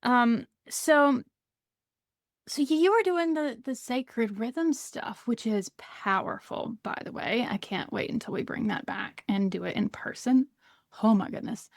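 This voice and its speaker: A woman's voice: fairly high pitch, unhurried, dry recording, studio quality. A woman with a Southern US accent, a podcast guest chatting casually, rambling and laughing often. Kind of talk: casual conversation.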